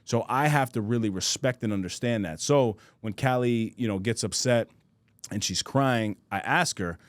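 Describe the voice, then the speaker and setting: Brief: relaxed male host, loose slangy storyteller, dry studio sound. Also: mid-range voice, moderate pace, no echo. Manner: loose slangy talk, says bro a lot, laughs easily. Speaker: podcast host. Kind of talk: casual storytelling chat.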